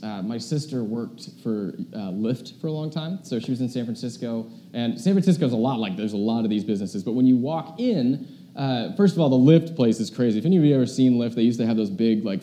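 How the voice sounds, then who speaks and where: Dark-voiced young male pastor. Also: mid-range voice. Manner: chatty, animated storytelling with many fillers. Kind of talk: casual sermon.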